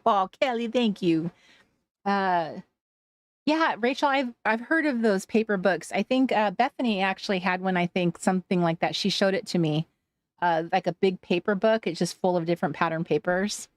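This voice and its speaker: A woman's voice: medium pitch, normal speed, no room sound, clean studio sound. A woman from Washington State hosting a casual craft livestream, chatting with viewers, laughing often and trailing off mid-sentence. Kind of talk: casual livestream chat reading viewer comments.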